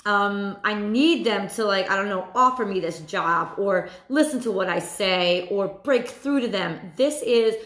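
A woman's voice: mid-range voice, unhurried, hardly any pauses, fairly bright tone. Woman tarot reader in an echoey room. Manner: repetitive, emphatic, voices inner thoughts. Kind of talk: casual tarot reading.

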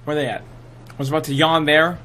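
A young man giving excitable, trash-talking live commentary over his own gameplay, full of gamer slang. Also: fairly high pitch, brisk, a little hiss or hum. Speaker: gaming channel host.

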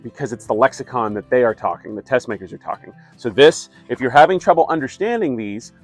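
A middle-aged man, a wastewater plant operator, chatting casually to his viewers with many fillers and wry asides. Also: medium pitch. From California. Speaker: wastewater operator and YouTube host. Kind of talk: casual talk to camera.

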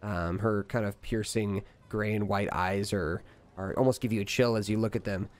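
A man narrating a tabletop game as game master, halting often with "uh" and "kinda". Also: lowish voice, steady tone.

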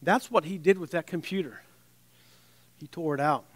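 A man preaching a sermon in a conversational way, with wry asides and restarts, dropping to a soft, low voice on scripture. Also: moderate pace, slightly rough, no room sound.

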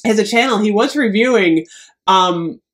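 A middle-aged American woman chats her way through a mail unboxing, gushing over each item. She sounds excitable and warm-hearted, with little laughs running through her talk. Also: medium pitch, moderate pace. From United States. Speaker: beauty vlogger. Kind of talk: casual unboxing chat.

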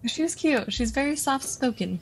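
A woman's voice: high voice, expressive, moderate pace. A woman co-hosting a podcast in casual chat, giggly and self-deprecating. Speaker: podcast co-host.

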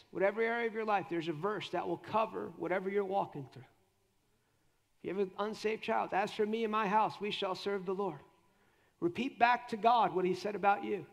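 Gravelly high-voiced male preacher. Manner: animated preaching, acts out prayers in a hushed voice. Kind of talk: sermon. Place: church conference session.

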